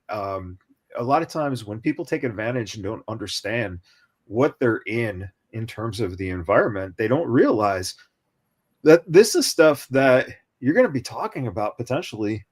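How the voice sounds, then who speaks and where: Dude co-hosting a chat show, middle voice, rambles with lots of ums. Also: male voice, medium pitch. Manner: rambling, many fillers. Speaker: co-host. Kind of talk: casual chat.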